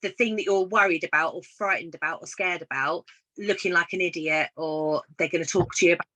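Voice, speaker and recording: A woman's voice: fairly low pitch, a little fast, pushed and bright, low-quality recording. A woman, a guest on a casual live video chat, telling encouraging stories and acting out the dialogue. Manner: storytelling, encouraging, acts out quoted dialogue. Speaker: guest business consultant.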